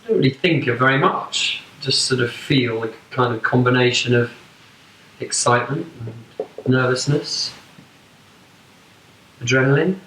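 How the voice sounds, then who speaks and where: A man with a bright, forceful voice chats in a joking, self-mocking way. He sounds set back from the mic in a roomy space. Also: mid-range voice, normal speed, long pauses, recorded from a distance, slight background noise. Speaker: band member. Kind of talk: casual chat. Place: backstage room at a venue.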